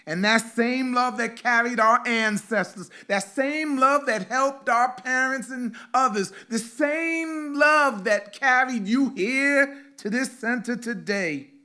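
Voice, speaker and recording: A male reverend with a very high voice and sharp tone gives a sermon at a spiritual center, leading a guided meditation in slow, rhythmic lines that repeat key phrases.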